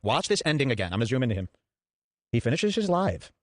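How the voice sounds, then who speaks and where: Rapid-fire sarcastic podcast host, man. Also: mid-range voice, very animated, no echo. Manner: rambling, sarcastic storyteller. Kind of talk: casual podcast commentary.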